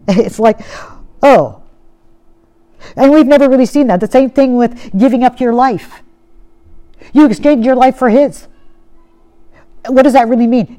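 A woman preaching a sermon in an earnest way. She poses rhetorical questions and often sinks to a soft tone. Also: fairly high pitch.

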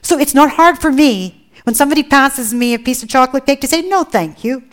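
A woman's voice: high-pitched, lively intonation, fairly quick, a bit bright. A woman preaching a sermon, earnest and emphatic, often asking rhetorical questions.

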